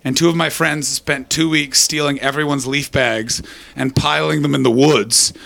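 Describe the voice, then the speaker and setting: A man's voice: on the high side, fairly even intonation, normal speed, vocal fry, fairly bright tone. A man from Canada doing profane, teasing crowd work as a stand-up comedian on a club stage. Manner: crude, teasing, profane banter.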